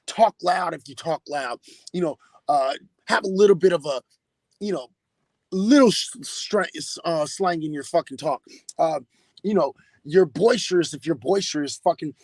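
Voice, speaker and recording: Male podcast host, high and raspy, swearing hard, dry close sound. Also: dry recording. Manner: profane, emphatic ranting. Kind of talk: casual podcast commentary.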